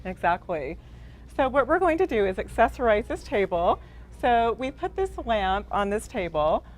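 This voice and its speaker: A woman's voice: on the high side, sing-song, normal speed. A woman co-hosting a home decor class, agreeable and enthusiastic about the pieces. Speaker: co-host designer.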